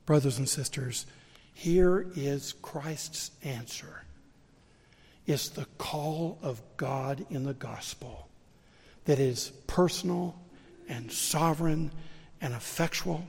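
A man's voice: medium pitch, slow pace, creaky, darkish tone, husky. Man, older, Southern accent, pastor, sermon, storytelling, emphatic, long church reverb. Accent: Southern American. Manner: storytelling preacher, rising to emphatic peaks. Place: large church sanctuary.

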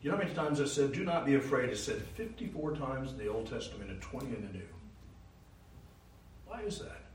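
A man preaching a sermon, emphatic, rising to loud declarations and dropping low again. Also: sing-song, fairly quick. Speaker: pastor. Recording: roomy, from a distance, faint hiss.

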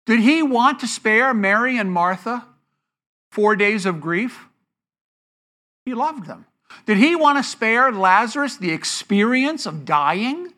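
With a bright, forceful, mid-range voice, a pastor teaches a sermon to a church congregation. Key words are stretched for emphasis as rhetorical questions are asked and then answered.

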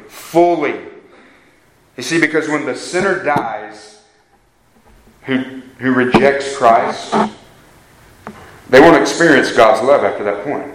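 A man's voice: medium pitch, a bit bright, roomy sound, low-quality recording. A man preaching a sermon, repeating key phrases for emphasis and putting questions to his congregation.

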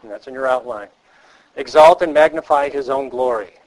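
A man's voice: medium pitch, normal speed, low-quality recording. A man giving a teaching lecture to counselors, earnest and emphatic, repeating key phrases and asking the class questions. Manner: asks the class rhetorical questions.

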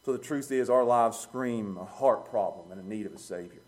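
A man preaching a sermon, plain-spoken and chuckling, swinging from quiet low musing to loud emphatic peaks. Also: normal speed. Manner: plain-spoken, uses street talk and chuckles.

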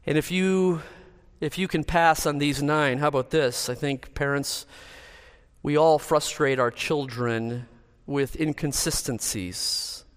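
A man's voice: fairly high pitch, clean tone. Earnest male pastor in reverberant church. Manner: earnest, measured, list-driven. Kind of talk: sermon.

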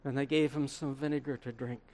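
An actor playing an aged male apostle, preaching a first-person dramatic sermon monologue in a slow, earnest way with dramatic pauses. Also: medium pitch, flat delivery, a little mellow, natural voice. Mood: solemn. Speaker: preacher in character. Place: room with listeners.

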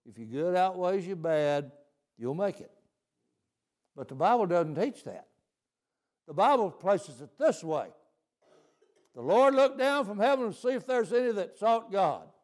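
A man's voice: sits high, animated, a little slow, long pauses, a little mellow. A male preacher delivering a folksy sermon, often asking "See?".

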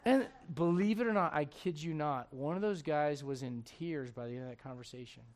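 A man's voice: fairly high pitch, fairly quick. A man, preaching a sermon in a conversational, storytelling way full of rhetorical questions.

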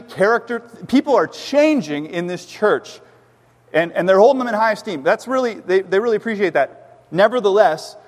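High-voiced pastor preaching in a reverberant hall. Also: male voice. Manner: earnest, emphatic preaching with repeated restarts. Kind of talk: sermon. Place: church sanctuary.

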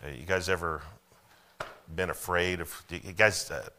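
Low-voiced pastor preaching. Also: male voice, steady tone, a little slow, bright, forceful tone, a little hiss or hum. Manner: conversational preaching, asks the congregation questions, bursts of emphasis. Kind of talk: sermon.

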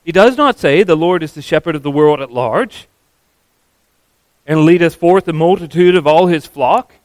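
A man preaching a sermon, earnest and emphatic, slowing down to stress key words. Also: a little high, expressive, a little mellow, dry recording.

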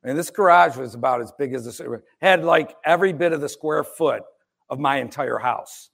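A man's voice: mid-range voice, a little fast, vocal fry, a bit bright, breathy edge. A middle-aged man, a pastor from the United States, preaching a sermon in a conversational, wry storytelling way with asides.

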